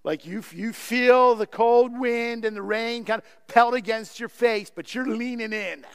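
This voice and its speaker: Male pastor, high voice, earnest pleading sermon delivery, long hall reverb. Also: a little slow, fairly bright tone, clean tone. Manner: earnest, pleading, repeats words.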